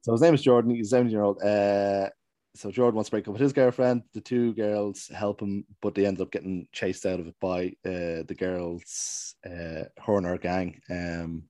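Very deep-voiced man recapping a show. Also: fairly even intonation, normal speed, dark tone, dry recording. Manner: rambling, hesitant storytelling. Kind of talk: casual chat recapping a TV show.

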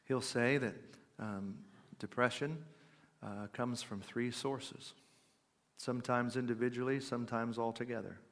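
A man with a medium-pitched voice and steady tone gives an earnest talk on faith as a podcast speaker, at an unhurried pace with a big-room sound. He moves between plain conversational asides and emphatic readings of old quotations.

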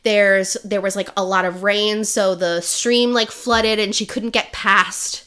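A woman's voice: medium pitch, fairly even intonation, unhurried, bright, forceful tone, clear, resonant tone. A woman co-hosting a casual podcast, rambling through a book plot with lots of fillers and frequent laughs. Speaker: podcast co-host. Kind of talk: casual chat, book recommendation.

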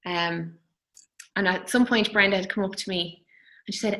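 A woman in her thirties telling her birth story in an interview, tender and halting, with many fillers. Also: medium pitch, steady tone, fairly bright tone, poor audio. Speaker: guest. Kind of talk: personal birth story in conversation.

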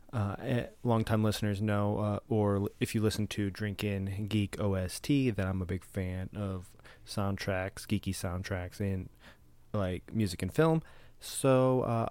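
A man's voice: lowish voice, darkish tone. A man hosting a podcast in a casual, rambling style, with lots of fillers, restarts and the odd chuckle. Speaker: podcast host.

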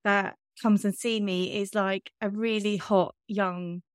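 A woman's voice: mid-range voice, fairly even intonation, slow, clean tone, no echo, studio quality. Candid woman telling a story. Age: 30s. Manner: candid, self-mocking storytelling with frequent fillers. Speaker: podcast host. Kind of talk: casual chat.

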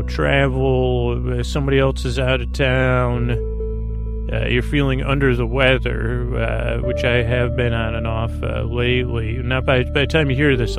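A man hosting a bedtime podcast, rambling through a meandering intro in a soft, drowsy, creaky voice. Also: mid-range voice. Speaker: podcast host.

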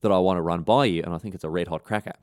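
A man's voice: low-pitched, rapid-fire, darkish tone, no echo, studio quality, voice pushed down, lightly acted. A man doing a cocky slangy soldier. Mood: scheming. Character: brash male soldier hatching a bold plan.

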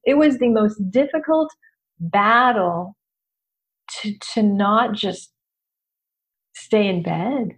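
A middle-aged woman who works as a business coach, talking in a candid, animated, self-deprecating way and laughing often. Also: medium pitch, slow pace, long pauses. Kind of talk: casual motivational talk.

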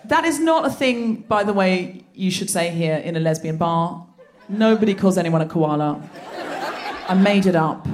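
A woman's voice: lowish voice, lively intonation, normal speed, a little mellow. A woman hosting a live comedy podcast on a theatre stage, telling stories in a playful, giggly way. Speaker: podcast host. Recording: live theatre recording with crowd noise.

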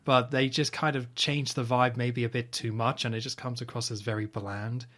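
A man's voice: medium pitch, little pitch movement, normal speed, fairly bright tone. A man hosting a podcast, casually retelling film scenes in a rambling, opinionated way. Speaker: podcast host. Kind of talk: casual film recap chat.

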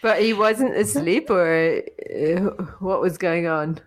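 A woman's voice: on the low side, slow. A woman co-hosting a podcast, bantering and teasing with a laugh in casual chat. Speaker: podcast co-host.

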